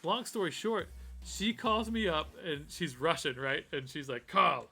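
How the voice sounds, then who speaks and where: A man's voice: fairly high pitch, expressive, measured pace, bright, forceful tone. A man hosting a casual live stream, rambling with lots of fillers and restarts. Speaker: host.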